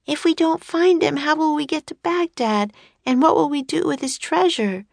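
A woman voicing an eager, brave young girl, a bit hoarse, in an audiobook. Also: high voice, normal speed, no echo, voice pushed up. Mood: calling, eager. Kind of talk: audiobook character voice.

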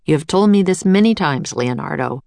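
A woman's voice: low voice, animated, moderate pace, gravelly, dark tone, dry recording. A woman reading aloud, voicing an impatient, exasperated man in a storybook.

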